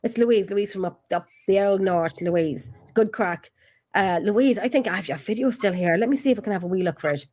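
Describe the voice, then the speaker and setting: A woman with an Irish accent hosts a relaxed chat show. She talks in a chatty, lively way at an ordinary pitch, greeting viewers and reading out their comments. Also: a little fast. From Ireland. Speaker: host.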